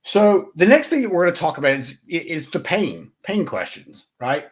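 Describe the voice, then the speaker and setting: A man's voice: a little high, moderate pace. A man talks straight to his listeners in a solo podcast, coaching them on sales. His voice moves up and down a lot as he makes his points. He is blunt and casual, and he keeps asking "right?" to check that people follow. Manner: animated, conversational, asks "right?" often. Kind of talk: solo motivational sales talk.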